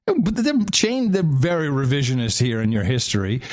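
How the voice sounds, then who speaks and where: A man's voice: medium pitch, wildly swooping pitch, moderate pace, a little mellow. A man co-hosting a talk show, sarcastically mocking news clips and echoing their words. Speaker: podcast co-host. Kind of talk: mocking commentary over played clips.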